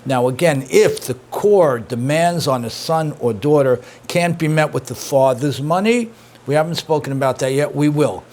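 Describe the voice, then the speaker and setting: Lively man teaching a class. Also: fairly high pitch, normal speed, a little hiss or hum. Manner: lively, repeats points, praises students' answers. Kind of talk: interactive Torah class.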